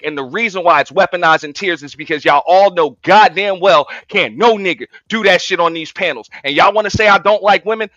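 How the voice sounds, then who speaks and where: A man's voice: high-pitched, bright, forceful tone, dry recording, highs cut off. A man hosting a live-stream panel, arguing in a profane, mocking, confrontational way. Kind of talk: heated live-stream argument.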